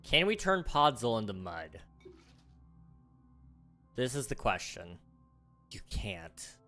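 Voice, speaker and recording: A man's voice: mid-range voice, sing-song, slow pace, sharp tone, soft background music. A man chatting casually with his viewers on a livestream, rambling and poking fun at himself. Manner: rambling, chatty, self-deprecating.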